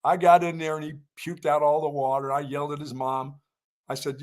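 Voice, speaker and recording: A man's voice: fairly high pitch, fairly even intonation, fast talker. An older man from North Carolina co-hosting a sports show, telling a long story in casual chat and raising his voice for the quoted lines.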